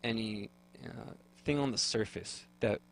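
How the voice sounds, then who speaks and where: A man's voice: on the low side, measured pace, creaky, a bit bright, rough recording. A young man on a radio talk show, sharing his faith testimony in an earnest way and often repeating words as he looks for them. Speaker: guest.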